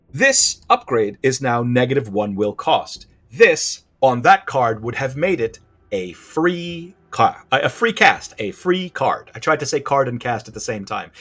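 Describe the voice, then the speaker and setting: Male gameplay commentator: casual, animated, self-correcting, husky voice. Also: medium pitch.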